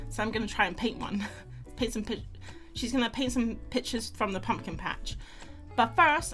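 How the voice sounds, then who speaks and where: Chatty woman streamer over soft music. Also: a little high. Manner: chatty, rambling, greets viewers by name. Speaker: livestream host. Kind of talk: casual chat while drawing.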